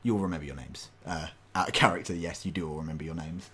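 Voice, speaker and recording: A man's voice: rumbling low, fast, sharp tone. A man narrating as game master of a tabletop role-playing game, rambling with many fillers and restarts.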